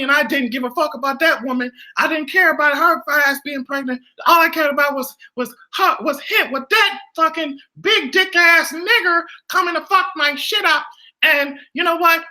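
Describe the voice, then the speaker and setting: Spoiled rich young woman, whining and self-pitying, as a man mocks her in a high voice. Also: sharp tone, heavily acted. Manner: mocking, high, dramatic whine.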